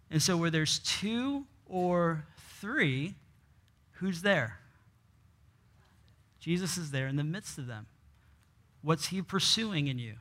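A man's voice: fairly high pitch, fairly bright tone. A man preaching a sermon, reading scripture aloud and asking the congregation rhetorical questions that he answers himself, with frequent restarts. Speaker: pastor.

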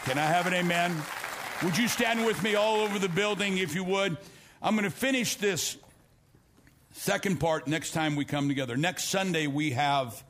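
A middle-aged male pastor preaching a sermon in a church, building to shouted emphasis and telling stories with stammered restarts. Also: sits high, moderate pace, some chatter behind, a little hiss or hum. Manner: preaching with rising, shouted emphasis and repeated phrases. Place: church sanctuary.

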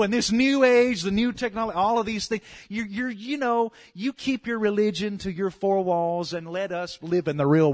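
A man with a Louisiana Southern accent preaching a sermon, building his lines up to loud calls and amens. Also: sits high. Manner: animated, swells to loud calls of "come on" and "amen".

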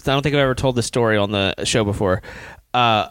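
A man from Louisiana, a podcast host, telling a story in casual chat, animated and swearing, acting out the quotes with laughter. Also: mid-range voice, fast, smooth, no echo. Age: adult.

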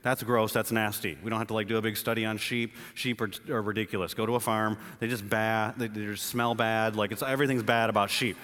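A man's voice: on the low side, brisk, few pauses, big-room sound. A man preaching a sermon to his church, telling the story with humor and acting out voices. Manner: animated, jokey storytelling with acted-out voices. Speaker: pastor. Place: church building.

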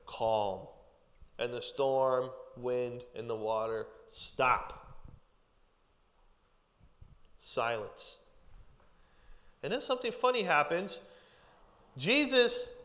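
A man's voice: a little high, a bit bright. A man preaching a casual, joking sermon to a group, with chatty asides. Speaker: pastor. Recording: long hall reverb.

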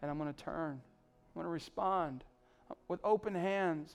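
Male pastor, sermon, pleading and emphatic, voice a touch high. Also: measured pace, vocal fry. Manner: pleading, rising to emphatic peaks then dropping soft.

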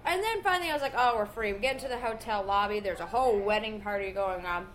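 A woman's voice: mid-range voice, lively intonation, quick pace, a bit bright, slight background noise. A young woman chatting casually as a co-host, telling a story with lots of animation and frequent laughter. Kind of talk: casual chat.

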